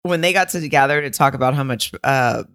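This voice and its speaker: Blunt low-voiced woman podcast host. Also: brisk, fairly bright tone, no room sound, clean studio sound. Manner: blunt, swears freely, rambling asides. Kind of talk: casual chat.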